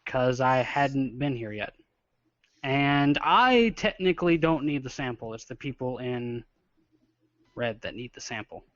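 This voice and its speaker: A man playing a tabletop game, describing his character in a halting, casual way with many restarts, on a dull lo-fi recording. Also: mid-range voice, expressive, dry recording. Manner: halting, searching for words. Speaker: player.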